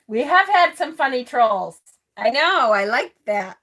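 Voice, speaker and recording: A woman's voice: high voice, a bit bright. A woman hosting a casual tarot live stream, chatty and snarky, laughing often. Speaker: tarot channel host.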